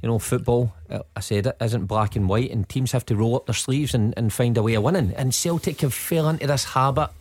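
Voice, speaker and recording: A Scottish man, a former player, giving steady, measured football analysis on the radio. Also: mid-range voice, dry recording. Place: radio studio.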